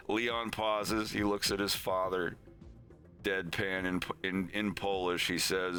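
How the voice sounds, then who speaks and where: Deep-voiced man rambling through a story. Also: level tone, slow, sharp tone, faint music behind. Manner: rambling, many restarts and fillers. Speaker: streamer. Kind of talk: casual story retelling.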